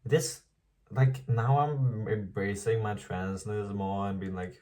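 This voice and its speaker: A man's voice: lowish voice, a little slow, a little mellow, far from the mic. A man around twenty talking frankly in a casual diary vlog, swearing freely and laughing often. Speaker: vlogger.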